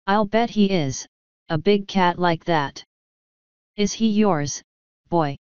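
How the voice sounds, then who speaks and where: A woman's voice: medium pitch, slow pace, a little mellow, clean tone, no room sound, lo-fi sound, close to an everyday voice. A woman voicing a blunt, pushy middle-aged townsman who haggles hard, in an audiobook. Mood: haggling. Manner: bargaining, blunt and knowing. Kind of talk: audiobook character voice.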